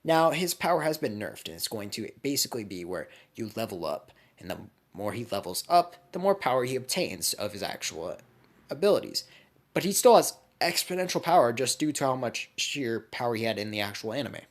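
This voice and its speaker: A man casually spinning a fan speculation story, rambling and animated. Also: medium pitch, brisk.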